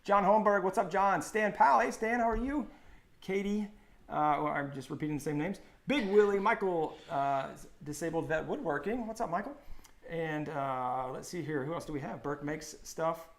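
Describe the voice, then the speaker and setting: An upbeat man in his thirties co-hosts a casual live stream and talks loudly. He greets viewers by name in an energetic, infomercial-like way. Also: fairly high pitch, normal speed. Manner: upbeat, loud, shouting out viewer names. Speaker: co-host of a woodworking live stream.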